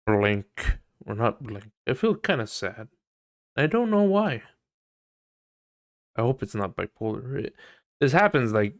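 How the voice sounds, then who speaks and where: A man hosting a casual solo podcast, rambling and swearing, now and then mocking people in high put-on voices. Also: dry recording, studio quality. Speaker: podcast host. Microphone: desk mic on voice chat.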